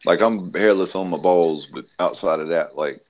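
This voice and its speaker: Aussie guy with a really low voice, crude joking chat, laughs a lot. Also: moderate pace. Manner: crude, laughing, puts on silly accents. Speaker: podcast host.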